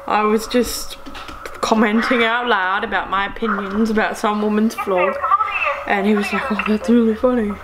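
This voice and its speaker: A woman's voice: medium pitch, steady tone, normal speed, heavy background noise. A young woman vlogging at home in casual chat, blunt and sarcastic, filmed by someone else on a handheld camera.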